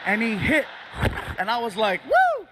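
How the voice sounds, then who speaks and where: A male stand-up comedian telling an animated story on stage and acting out other people's voices. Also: extremely high pitch, moderate pace, noisy background.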